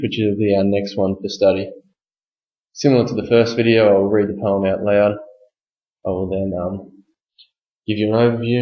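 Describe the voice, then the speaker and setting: A male teacher giving a recorded lesson on a poem, reading verse slowly and explaining step by step with frequent "okay?" checks. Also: lowish voice. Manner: reads verse slowly and deliberately. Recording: echoey room, dull lo-fi sound.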